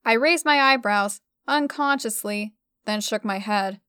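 A woman reading a first-person story aloud with expressive delivery. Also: mid-range voice, unhurried, smooth, no room sound, studio quality.

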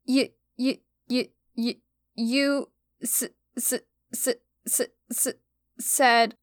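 A woman's voice: sits high, slow, a bit bright, no echo. A woman voicing a squealing, childish teenage girl. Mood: tearful stammer. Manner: squealing, stuttering when upset. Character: giddy, whiny teenage girl, childish and easily hurt. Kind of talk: audiobook storytelling.

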